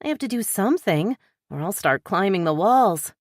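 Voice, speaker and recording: A woman narrator voicing a wisecracking young woman bookstore owner, eager, pleading and quick to joke. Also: mid-range voice, animated, no echo, clean studio sound, pitched above the performer's own voice, natural voice.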